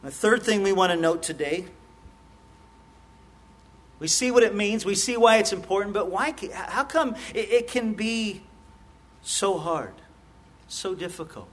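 A middle-aged pastor preaches with a notably high voice for a man. He talks earnestly, stumbling into quick repeated words and restarts as he builds his points. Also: animated, a bit bright. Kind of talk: sermon.

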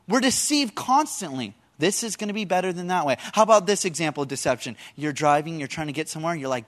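Guy preaching in church, high voice, tells lively stories and keeps asking the crowd stuff. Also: fast talker, few pauses. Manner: animated storytelling, asks the congregation questions. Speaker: pastor. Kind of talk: sermon.

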